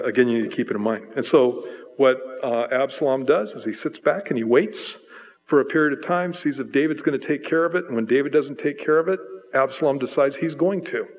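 A pastor giving a sermon in a conversational, storytelling way, with self-deprecating asides. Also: male voice, medium pitch, normal speed. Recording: long hall reverb.

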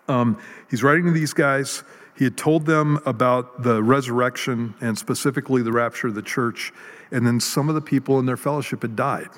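A man preaching a sermon in a relaxed, conversational way, with self-deprecating jokes and many ums and restarts. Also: medium pitch. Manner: conversational, jokey, with fillers and restarts. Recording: long hall reverb.

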